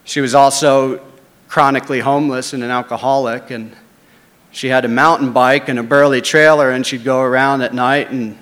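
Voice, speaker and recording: A man's voice: mid-range voice, fairly even intonation, moderate pace, fairly bright tone. Guy telling a wild story, casual n a bit salty, mid voice, long hall reverb. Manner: casual, conversational, with swearing. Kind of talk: first-person spoken story.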